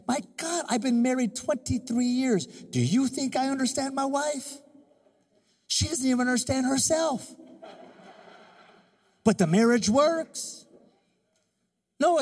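A pastor in his fifties preaching in a church, animated and joking as he acts out little scenes. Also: very high-pitched, long reverb tail. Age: 50s. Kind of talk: sermon.

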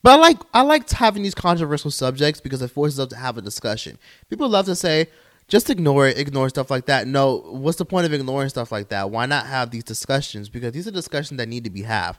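A man hosting his own podcast, giving casual commentary in an expressive, sassy, exclamatory way. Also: mid-range voice, quick pace. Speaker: podcast host.

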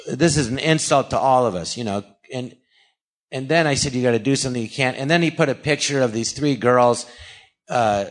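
A man from California, a guest actor and comedian, rambling through a story in a casual interview, acting out quoted dialogue and dropping sarcastic asides. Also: mid-range voice. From California, USA.

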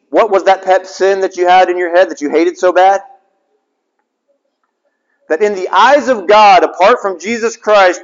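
A man preaching a sermon, putting rhetorical questions to his listeners and repeating phrases for emphasis. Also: sits high. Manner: repetition for emphasis. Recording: dull lo-fi sound with long reverb.

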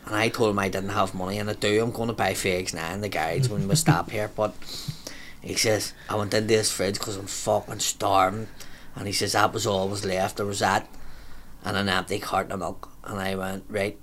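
A man's voice: fairly low pitch, a little fast, a little hiss or hum. A man telling a rowdy anecdote in casual chat, swearing often and acting out other people's voices. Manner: sweary, animated, acts out voices. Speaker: storyteller.

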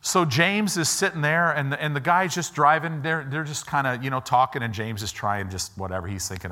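A man preaching in a church, telling a lively story and acting out the voices of its people, with casual asides to his listeners. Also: fairly high pitch, brisk, few pauses. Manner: animated storyteller, acts out quoted voices; informal, asides to the audience. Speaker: pastor. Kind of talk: storytelling sermon.

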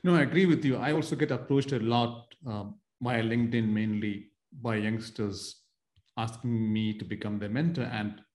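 A man's voice: medium pitch, roomy sound. A man hosting an interview podcast, asking long multi-part questions with some hesitant restarts. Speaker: podcast host.

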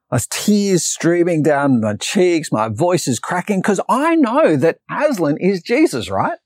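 A man's voice: a little high, darkish tone, no echo, clean studio sound. A man preaching an earnest sermon, telling a personal story and reading Bible passages aloud. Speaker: pastor. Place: preaching to an online congregation.

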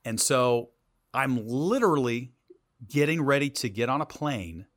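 A middle-aged man, a TV news anchor, telling a story from his career in an animated interview voice that swings between loud and quiet. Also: mid-range voice, measured pace, dry recording, studio quality.

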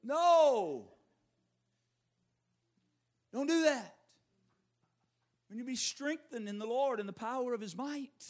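Animated preaching man, lively pitch. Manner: animated preaching, repeats key phrases, quick asides to the congregation. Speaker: pastor. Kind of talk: sermon.

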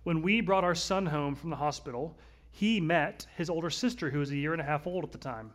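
Earnest man preaching, slightly high voice. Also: brisk. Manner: earnest, conversational preaching with shifts between loud and soft. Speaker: pastor. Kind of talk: sermon.

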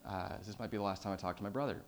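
A man giving a personal storytelling talk on stage. He swings between loud, excited telling and hushed, quiet passages, with many fillers and repeated starts. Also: lowish voice, very fast. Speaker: public speaker.

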